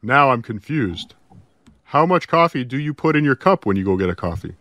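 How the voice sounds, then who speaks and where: Man, livestream co-host, deadpan teasing, dry close sound. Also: medium pitch, normal speed, no echo. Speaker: co-host voicing a potato. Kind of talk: casual livestream banter.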